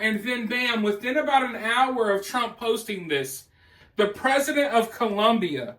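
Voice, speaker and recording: A man's voice: extremely high pitch, a little slow, a bit bright, echoey room, distant mic. A man giving emphatic, mocking political commentary. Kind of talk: opinion commentary.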